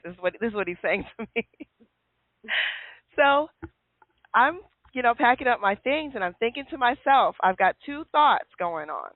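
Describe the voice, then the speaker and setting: A woman hosting a casual call-in radio chat, telling stories with lively acted-out quotes. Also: a little high, normal speed, dry recording. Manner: lively storyteller who acts out quotes. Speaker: show host. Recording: tinny phone line.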